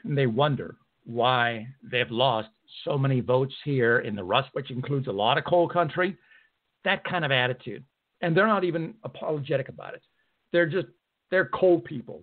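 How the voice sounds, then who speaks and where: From a studio, a talk radio host delivers a political monologue, ranting with sarcasm and indignation and plenty of fillers. His mid-range voice is expressive and moves at a normal speed, heard through narrow, phone-like sound.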